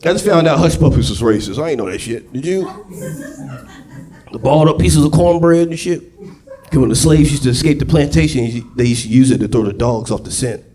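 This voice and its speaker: A man performing a loud, profane live stand-up set on a club stage, jumping into shouted high voices for his characters. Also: brisk. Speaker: stand-up comedian. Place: comedy club stage before a laughing crowd. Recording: live club room with crowd. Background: audience laughter.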